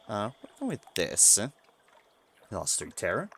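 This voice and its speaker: Low, gravelly man playing a game. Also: huge pitch swings, unhurried, pauses often, fairly bright tone, slight background noise. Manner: muses aloud, reads game text to himself. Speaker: let's play streamer. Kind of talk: casual game commentary.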